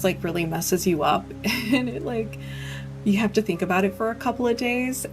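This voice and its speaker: A woman hosting a live Reiki session, chatting casually and rambling as she answers viewers, laughing often. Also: fairly low pitch. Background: soft background music.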